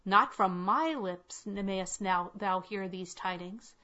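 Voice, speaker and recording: Woman doing a creepy old crone, low slow whispery-ish commands, muffled recording. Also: sharp tone. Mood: hushed. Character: aged withered crone, secretive and commanding. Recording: dull lo-fi recording.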